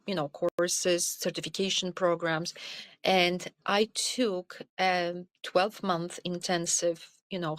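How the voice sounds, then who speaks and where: Middle-aged woman, podcast guest, earnest and animated storyteller, close dry sound. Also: lowish voice, dry recording. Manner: earnest, animated storytelling with frequent "you know". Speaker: podcast guest, wellness coach. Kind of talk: conversational interview storytelling.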